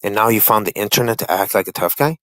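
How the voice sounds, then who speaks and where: A man's voice: on the low side, fast, fairly bright tone, no room sound, poor audio. A man ranting as a guest on a livestream panel, confrontational and profane, repeating himself to drive points home. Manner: confrontational, profane, repetitive trash talk. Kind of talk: heated livestream rant.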